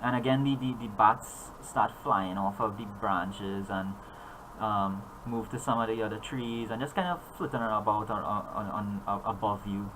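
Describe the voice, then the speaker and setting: A man's voice: on the low side, normal speed, noisy background. A man narrating as game master, rambling with frequent fillers and restarts.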